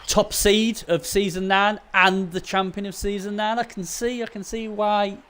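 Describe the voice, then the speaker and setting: A man's voice: high voice, flat delivery, normal speed, fairly bright tone. A man with a Hull accent commentating casually on a match, chatty, rambling and teasing. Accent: Hull, Yorkshire. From England.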